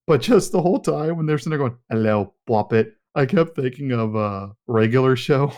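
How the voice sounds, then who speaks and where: A man's voice: medium pitch, fairly quick, darkish tone. A man co-hosting a casual movie podcast, rambling with fillers and sidetracks. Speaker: podcast co-host.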